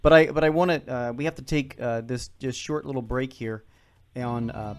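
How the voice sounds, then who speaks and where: A man's voice: medium pitch, steady tone. Radio host man over guitar music. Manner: halting, with many fillers. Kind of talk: radio interview hosting.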